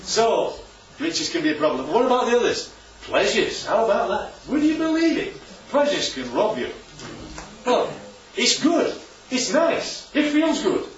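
Unhurried, with big swings in his high pitch and a little background noise, a preacher walks a small church group through the Bible. He quizzes them constantly and jokes along the way. The recording is lo-fi, dull, roomy and distant.

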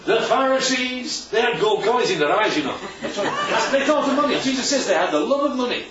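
A man's voice: very high-pitched, expressive, brisk, fairly bright tone. A man preaching a sermon in a chatty way, often asking the room questions. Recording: echoey hall from far off, dull.

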